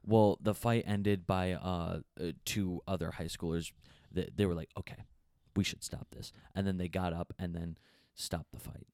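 A young man recounts a story in casual chat, pausing often and leaning on fillers. His voice is very deep and the recording is dry and close. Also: fairly even intonation, darkish tone, dry recording. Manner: hesitant, filler-heavy storyteller.

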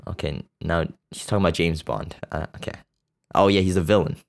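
A man's voice: deep voice, fairly even intonation, fairly quick, vocal fry. A man hosting a podcast, rambling bluntly and crudely about a movie, with lots of fillers and restarts. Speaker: podcast host. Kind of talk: casual profane movie chat.

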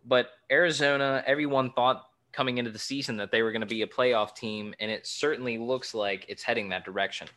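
Bright-toned man talking football. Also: mid-range voice, fairly quick, hardly any pauses. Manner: relaxed, rattles off game stats. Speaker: podcast co-host. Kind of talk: casual sports chat.

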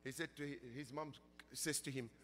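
A man preaching an emotional sermon as a story, going from hushed to loud and drawn out. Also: a little high, fairly even intonation, brisk, a little hiss or hum. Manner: impassioned, swings from hushed to loud and stretched-out.

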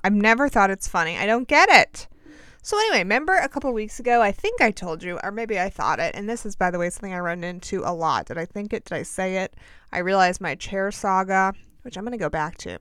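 Chatty woman with a smooth voice. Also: mid-range voice, a bit bright, no echo, studio quality. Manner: chatty, sarcastic, self-deprecating. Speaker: podcast host. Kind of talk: casual chat.

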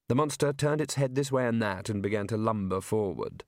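A man reading an audiobook in a wry, measured storytelling manner. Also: fairly low pitch, a little mellow, no echo, studio quality. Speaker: audiobook narrator. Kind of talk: scripted audiobook narration.

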